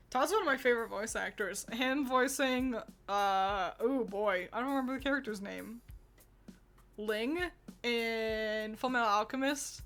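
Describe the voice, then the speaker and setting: A woman's voice: fairly high pitch, fairly bright tone. A woman streamer in casual, rambling chat, laughing often as she reacts to fan art.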